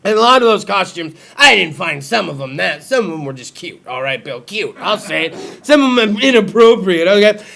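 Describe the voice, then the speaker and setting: A man's voice: sits high, big pitch swings, fairly quick, gravelly, hardly any pauses, fairly bright tone. A young adult man hosting a talk show, running a crude, profane comedy monologue and teasing his co-host.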